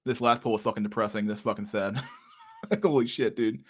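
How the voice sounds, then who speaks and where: A young man talks on a livestream in a low, relaxed voice. He is loose and crude, mutters to himself, and laughs often while answering chat. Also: normal speed, husky. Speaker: streamer reading chat.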